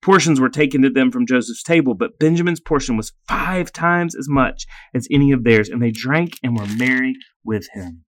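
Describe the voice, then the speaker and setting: A man reading scripture aloud at a deliberate pace, with brief plain asides explaining the passage. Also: mid-range voice, lively intonation, fairly bright tone, a little hiss or hum.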